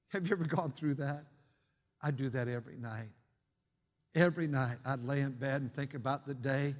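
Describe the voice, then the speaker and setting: An older man, a pastor preaching a sermon in his church, swinging between shouted preaching and quiet, hushed storytelling. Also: fairly high pitch, fairly even intonation, moderate pace, long pauses. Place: church sanctuary. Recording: long reverb of a church hall.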